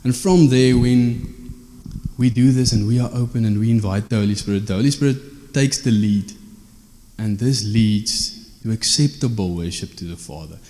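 A man's voice: lowish voice, moderate pace, warm tone, in a large hall. A man, preaching an informal teaching sermon in a conversational way, often checking in with tag questions.

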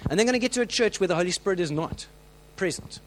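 A man preaching a sermon, telling stories with lively acted-out voices and frequent restarts. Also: high voice, fast, low-quality recording. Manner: animated storytelling, acts out quoted voices; many restarts and filler words.

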